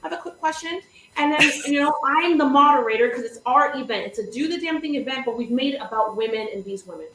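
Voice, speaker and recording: A woman's voice: high voice, fast talker, few pauses, echoey room, background noise. A woman coach hosting a livestream, telling a story vividly and laughing often. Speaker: business coach, show host.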